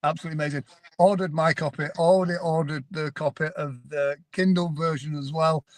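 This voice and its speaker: A man's voice: on the high side, fairly even intonation, brisk. A British man joining a video call from his parked car as a guest, talking with gushing enthusiasm. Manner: enthusiastic and effusive. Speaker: guest, author of the foreword. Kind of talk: casual video call chat.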